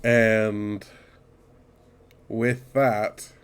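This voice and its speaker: A man's voice: fairly low pitch, very slow, a little hiss or hum. A man running a tabletop game as game master, joking and swearing casually. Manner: relaxed and joking, swears and laughs.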